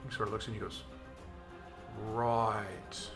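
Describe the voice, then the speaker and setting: A man's voice: medium pitch, steady tone, music in the background. Man narrating as game master. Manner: descriptive, unhurried storytelling.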